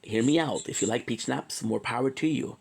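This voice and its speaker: A man's voice: mid-range voice, brisk, vocal fry, a little mellow, breathy edge, low-quality recording. A man from Quebec, Canada, rambling through a joking, tangent-filled casual monologue and swearing freely. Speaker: streamer.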